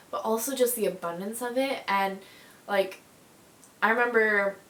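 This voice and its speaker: A young woman vlogging to camera, telling childhood stories in a chatty, animated way with lots of fillers and bursts of laughter. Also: mid-range voice. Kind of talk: casual storytelling to camera. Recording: echoey room.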